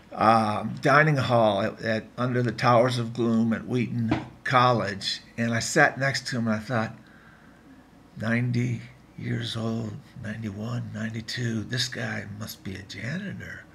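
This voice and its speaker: A man's voice: mid-range voice, a bit bright. A man in his fifties recording a casual video diary in his apartment, talking in an earnest, rambling way that keeps breaking off and restarting. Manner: rambling, earnest, self-interrupting. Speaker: vlogger.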